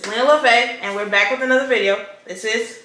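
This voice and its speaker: A woman hosts a laid-back mukbang chat in a bright, clear voice. She talks casually and fills pauses with "um" and "uh". The sound is roomy, with a faint hiss behind it. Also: a little high. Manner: relaxed, chatty, with frequent fillers. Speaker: host. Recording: roomy echo, faint noise.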